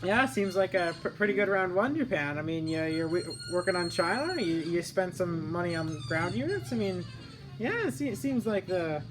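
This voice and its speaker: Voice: medium pitch, very animated, music in the background, low-quality recording. A host giggling and stammering through a casual recap of a board-game round. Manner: laughing, halting, stammering.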